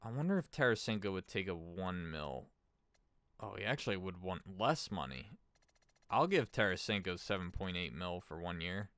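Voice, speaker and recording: A man's voice: low-pitched, big pitch swings, normal speed, fairly bright tone, no room sound. A man giving casual gameplay commentary as a streamer, thinking aloud and chatting with his viewers. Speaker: gaming streamer.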